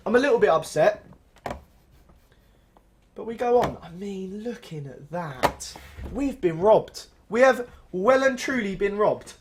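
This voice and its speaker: Exasperated young man, let's play. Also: fairly high pitch. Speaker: gaming channel host. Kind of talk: let's play commentary on a management game.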